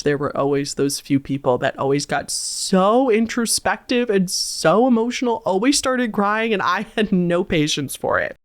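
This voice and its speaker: Woman storyteller reading creepy submissions, drops dry sarcastic reactions, mid-range voice. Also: medium pitch. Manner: sarcastic asides and disgusted interjections. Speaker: host reading viewer-submitted scary stories.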